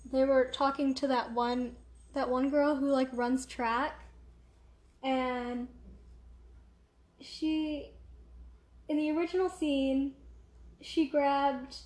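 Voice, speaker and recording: High-voiced young woman rambling at home. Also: a little mellow, echoey room. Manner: rambling, distracted, many fillers. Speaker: vlogger. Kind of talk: casual rambling chat. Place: room at home.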